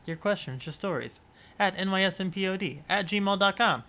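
A man's voice: high-pitched, fairly quick, pushed and bright. A man co-hosting a podcast in casual chat, playful and giggly, reading ad copy with a mock flourish. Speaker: podcast co-host.

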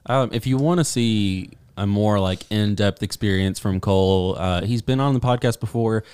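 Low smooth-voiced podcast host, man. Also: moderate pace, a little mellow, dry recording. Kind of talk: casual podcast chat and reading a list.

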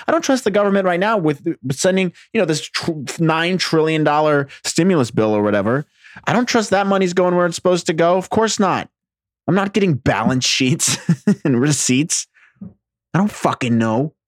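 A man's voice: fairly high pitch, no echo, clean studio sound. A man from New Jersey rambling through a casual monologue, profane, sarcastic and self-deprecating.

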